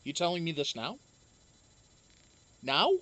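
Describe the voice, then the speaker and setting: A livestream host in loose, casual chat, swearing often and breaking into laughter. The pitch swings widely from low mutters to sudden high exclamations, and the talk is full of ums and restarts. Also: sing-song, slow pace, a bit bright. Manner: profane, joking, laughs often, trails off with ums. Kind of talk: casual livestream chat, reading viewer comments.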